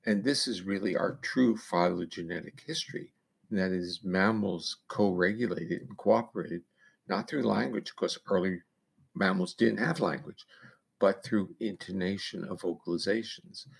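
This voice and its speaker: A man's voice: low-pitched, moderate pace, creaky, breathy edge. A man guest on an interview, giving long explanations of research in a lecturing way with casual fillers. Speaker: neuroscientist guest.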